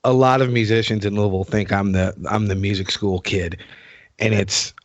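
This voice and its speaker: A man's voice: lowish voice, steady tone, moderate pace, dry recording. A man in his forties hosting a podcast, rambling in casual chat and swearing freely. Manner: rambling and profane. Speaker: podcast host. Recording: dull dry lo-fi sound.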